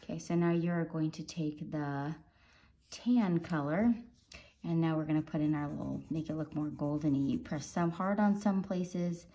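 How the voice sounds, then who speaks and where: A woman guiding viewers step by step through coloring a drawing, in a gentle instructing manner. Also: low voice, steady tone, moderate pace. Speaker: art teacher. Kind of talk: drawing tutorial narration.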